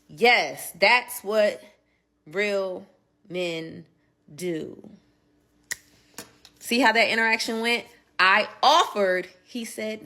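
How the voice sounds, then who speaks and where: A woman's voice: mid-range voice, extremely slow, long pauses, bright, forceful tone. A woman telling a casual story in a vlog, chatty and emphatic, with sassy asides.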